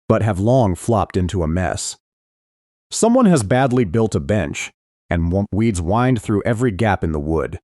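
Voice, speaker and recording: In a close, dry recording with no room sound, a male audiobook narrator reads a first-person thriller. His very deep voice rises and falls with lively expression.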